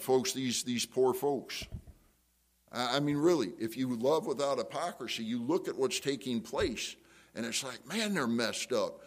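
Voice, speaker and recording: A middle-aged man preaching a sermon, telling a story and acting out the voices in it with big jumps up in pitch. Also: normal speed. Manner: animated storytelling, jumps high to act out quotes. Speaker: pastor. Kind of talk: sermon with acted-out anecdote.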